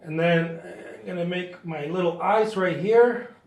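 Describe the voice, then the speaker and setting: A man's voice: sits high, a little slow, roomy sound. A man hosting a casual art demo from his studio, chatty and jokey with playful self-mocking boasts. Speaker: artist hosting a drawing demo.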